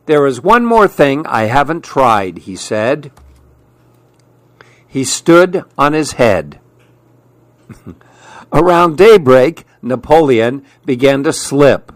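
A man reading a children's storybook aloud, gentle and unhurried. His voice rises and falls a lot for emphasis, and the sound is dry and close. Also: medium pitch, dry recording.

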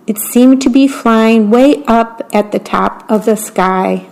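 A woman reads a children's bedtime story aloud as a volunteer radio reader. Her voice sits fairly high and her pace is slow and unhurried. The reading is clear and gentle.

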